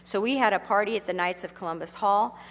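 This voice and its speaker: Middle-aged woman, earnest storyteller, gentle delivery, big reverberant hall. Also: medium pitch, quick pace. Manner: gentle, earnest, with frequent fillers. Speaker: speaker sharing a personal story. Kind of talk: heartfelt storytelling talk.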